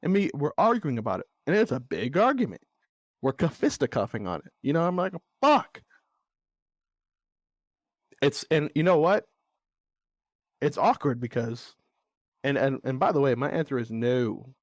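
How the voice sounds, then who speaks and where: A man's voice: medium pitch, big pitch swings, normal speed, no room sound, clean studio sound. Blunt, cursing young man venting. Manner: blunt, swears freely, exasperated venting. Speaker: podcast host. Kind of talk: candid monologue.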